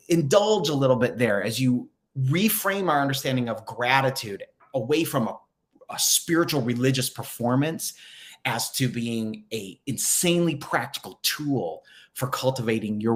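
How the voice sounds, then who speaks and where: A man's voice: mid-range voice, lively intonation, moderate pace. A man hosting a spiritual direction livestream in casual chat, reading viewer comments aloud with many fillers and upbeat encouragement.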